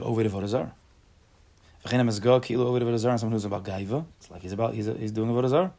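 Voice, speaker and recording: A man's voice: medium pitch, creaky, a little mellow. A man giving a casual Torah class, reading a text and explaining it, acting out angry everyday voices and asking the class questions. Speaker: Torah teacher.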